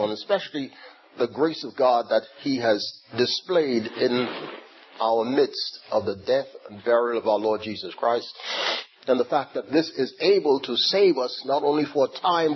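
A man preaching a sermon, retelling a scripture story in a slow, animated way and repeating words as he goes. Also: mid-range voice, a little hiss or hum. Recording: dull lo-fi recording with faint ambience.

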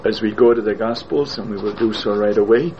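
A man preaching a sermon in a slow, deliberate way, repeating his phrases for emphasis. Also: on the low side, highs cut off, a little hiss or hum.

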